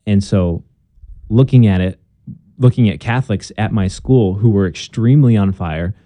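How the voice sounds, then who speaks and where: A man's voice: lowish voice, moderate pace, warm tone, no echo. A young man telling his conversion story in a casual interview, earnest and chatty with plenty of fillers and restarts.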